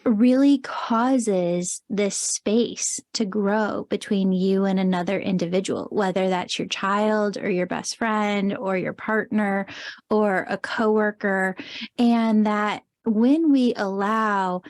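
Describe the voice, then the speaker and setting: A woman's voice: mid-range voice, fairly even intonation, slow, dry recording. A woman hosting a podcast interview, upbeat and enthusiastic in her questions. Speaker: podcast host.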